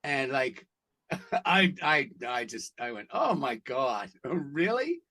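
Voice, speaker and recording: A man who is an actor, telling stories in a casual interview, animated and blunt, with some profanity. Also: mid-range voice, slow. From Canada. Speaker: actor guest.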